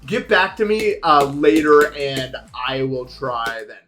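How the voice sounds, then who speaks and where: A man's voice: fairly high pitch, slow, faint music behind. Rambling young streamer man. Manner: rambling, animated, swings into shouting. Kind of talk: casual stream chat.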